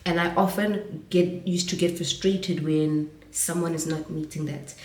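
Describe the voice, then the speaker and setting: Low-voiced South African woman, roomy sound. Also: fairly even intonation, a little slow, a little mellow. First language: Zulu. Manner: reflective, mixes English with Zulu phrases. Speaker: vlogger. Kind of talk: casual talking to camera. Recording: roomy audio from a distance.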